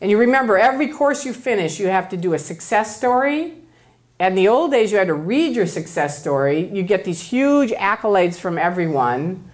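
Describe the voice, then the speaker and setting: Animated woman lecturing a live audience. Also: medium pitch, moderate pace. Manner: animated, acts out other people's voices in quotes. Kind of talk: lively storytelling talk to an audience.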